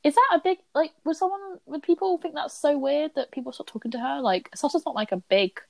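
A young woman co-hosting a casual chat about a TV episode, retelling scenes in an animated way. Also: sits high, fast, creaky, no room sound. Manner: chatty, animated retelling with quoted voices. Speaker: podcast co-host.

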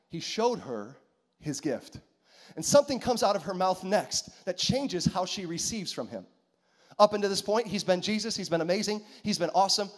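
A male pastor delivers an animated sermon, repeating his points and calling to the congregation. His voice sits high for a man and rises and falls widely. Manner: animated, repetitive, calls to the congregation.

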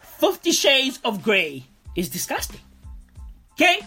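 A woman comedian rants through a stand-up bit, swearing freely and calling everyone "bro." Her voice is breathy and husky, and it sits fairly high. She takes her time, but her pitch jumps around a lot. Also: huge pitch swings, slow, sharp tone, faint music behind. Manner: profane, rambling, calls everyone "bro". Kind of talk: stand-up rant.

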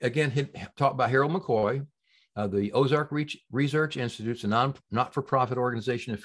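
A man being interviewed as a healing practitioner on a long-form podcast, telling stories in an animated, emphatic way that swings between loud and soft. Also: mid-range voice, fairly quick. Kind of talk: casual interview talk.

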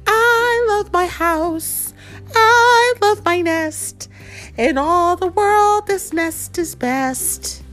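A woman voicing a gentle mother bird from a storybook, singing slowly in a very high voice. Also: soft background music. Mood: content.

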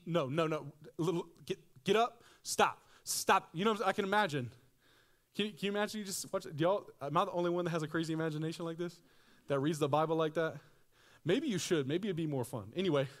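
A young male pastor preaching in a lively, conversational way. His pitch swings widely, soaring into excited voices and sinking to a hush for the serious parts. He talks to the room with casual slang. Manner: animated storytelling, jumps up into excited voices for quoted people; drops low and quiet at solemn moments. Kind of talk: sermon.

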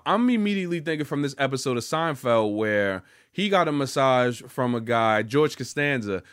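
A man's voice: medium pitch, a bit bright, clean tone, no room sound, clean studio sound. A young man telling a story to the camera in a loose, rambling, profane way, full of restarts and fillers. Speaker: vlogger. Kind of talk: casual storytelling monologue.

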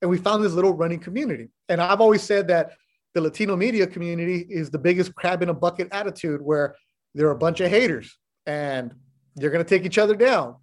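A man's voice: high-pitched, fairly quick. A middle-aged man, a sports broadcaster, chatting as a podcast guest, telling stories bluntly and with animation, swearing now and then. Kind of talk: casual chat.

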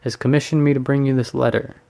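A man reading a storybook, voicing a formal, courteous old gentleman with a slight French accent. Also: mid-range voice, little pitch movement, quick pace, vocal fry, natural voice.

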